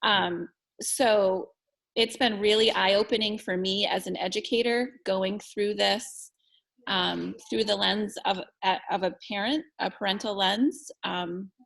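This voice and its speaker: A woman educator and parent talking on a video call, halting and searching for her words. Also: mid-range voice, steady tone, creaky, fairly bright tone. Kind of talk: casual video-call chat.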